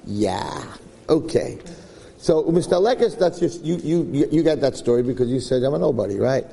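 A man's voice: fairly high pitch, normal speed, vocal fry, dark tone, big-room sound, a little hiss or hum. A man giving an informal, joking Torah class, acting out stories as he goes. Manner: joking, conversational, acts out stories. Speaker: Torah teacher.

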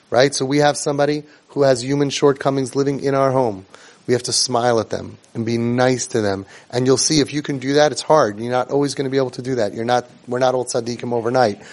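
A man's voice: medium pitch, a little mellow. A middle-aged man giving an earnest instructive talk to a group of young siblings, asking rhetorical questions, repeating phrases for emphasis and dropping Hebrew and Yiddish religious terms. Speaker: family support trainer.

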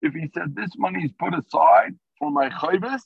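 A man with a high-ish, creaky, husky voice speaks at normal speed, with no echo, over a tinny phone line. He's driving while teaching a Talmud class, explaining the text in English blended with Hebrew and Aramaic terms.

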